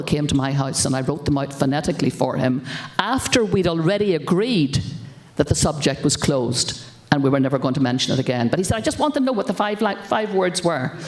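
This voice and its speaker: An older Irish woman tells a story from a conference stage, repeating words to hammer her points home. Her voice carries through a roomy, echoing hall. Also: low-pitched. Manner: emphatic, repeats words for stress. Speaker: keynote speaker. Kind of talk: storytelling keynote speech.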